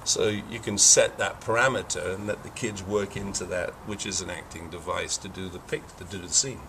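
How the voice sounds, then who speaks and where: A man's voice: deep voice, fairly even intonation, normal speed, noisy background. An older man, a film director, answering interview questions in rambling talk with frequent restarts and self-corrections. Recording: voice from a distance from the mic.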